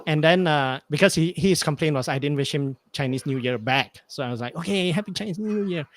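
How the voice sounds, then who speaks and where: A man's voice: mid-range voice, fairly even intonation, a little fast, slight background noise. A man telling a rambling anecdote on a remote call, hesitant and full of fillers, acting out bits of dialogue. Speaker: podcast guest. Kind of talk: casual storytelling chat.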